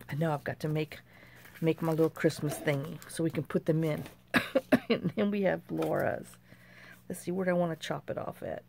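A middle-aged woman with a low, gravelly voice chats through a pile of handmade craft mail. She exclaims over each little piece and mutters to herself as she goes, sometimes dropping to a near whisper. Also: a little mellow, slight background noise. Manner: chatty, talks to herself while handling items, exclaims often. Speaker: craft channel host. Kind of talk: casual show-and-tell of craft mail.

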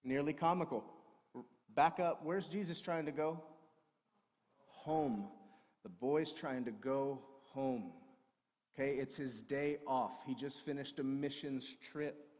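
A male pastor preaching a sermon, swinging between forceful raised passages and quiet storytelling. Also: mid-range voice, slow. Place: church sanctuary. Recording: long hall reverb.

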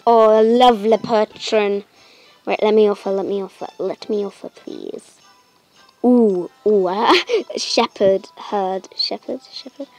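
Over soft background music and somewhat dull audio, a woman with a mid-range voice hosts casual gameplay commentary. She's excitable, squealing with delight and saying um a lot as she hesitates.

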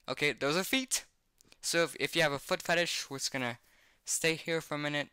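A man's voice: on the high side, fairly quick, pushed and bright, smooth, no room sound, clean studio sound. A man reading a horror comic aloud at home on his bed and reacting to it, swearing constantly and yelping when something startles him. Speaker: webcomic reactor.

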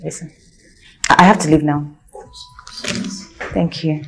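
A woman's voice: sits low, fairly even intonation, unhurried, vocal fry, a bit bright, a little hiss or hum, full character voice, low-quality recording. An actress with a Nigerian accent playing a young woman who is hesitant and apologetic after lying to her boss. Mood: nervous. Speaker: office employee. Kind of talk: film drama acting.

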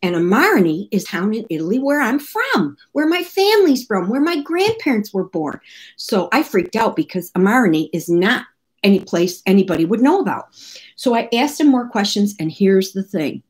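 A woman's voice: mid-range voice, very animated, moderate pace. A woman from the United States, a cookbook author, casually telling a story to the camera in a chatty, exclamatory way.

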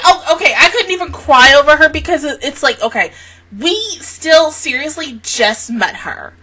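A young woman reviewing an anime episode in a loud, expressive way, swearing often and swinging between shouts and laughter. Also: high voice, moderate pace, heavy background noise. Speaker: anime reaction YouTuber. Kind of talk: excited anime reaction review.

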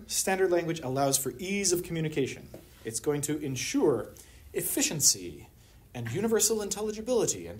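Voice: medium pitch, darkish tone. Wry lecturer. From Pittsburgh, USA. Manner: wry, humorous, rhetorical questions. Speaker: anthropology lecturer. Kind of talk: academic colloquium talk. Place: university lecture room.

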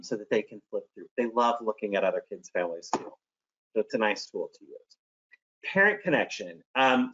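A man's voice: medium pitch, a bit bright, lo-fi sound. A man who is a teacher presents classroom strategies in a friendly, practical way and demonstrates examples by acting them out.

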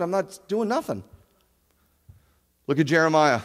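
A man preaching a sermon as a rabbi, animated, with rhetorical questions and loud scripture reading. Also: mid-range voice, fairly quick, big-room sound. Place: congregation sanctuary.

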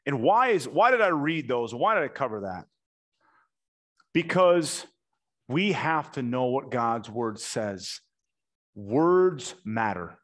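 A man preaching a sermon, telling the story with animated emphasis and slowing down hard on key points. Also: medium pitch. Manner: animated storytelling, acts out quotes, emphatic slow punchlines.

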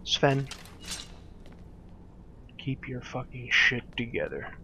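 A man casually commenting on his gameplay, swearing, muttering to himself and yelling at his companion. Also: medium pitch, big pitch swings, slow, slight background noise. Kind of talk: casual let's play commentary.

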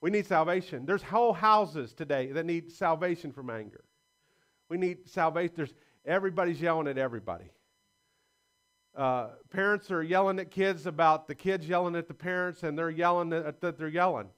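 A man's voice: a little high, normal speed, fairly bright tone. A man preaching a sermon as pastor in a church, in a folksy style with stories and laughs. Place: church sanctuary.

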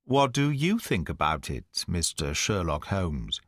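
A man's voice: low voice, very animated, unhurried, husky, no echo, studio quality, pitched below the performer's own voice, full character voice. A man reading the part of a sly, nervous male naturalist who feigns polite concern, asking probing questions. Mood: wary. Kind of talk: audiobook dialogue reading.

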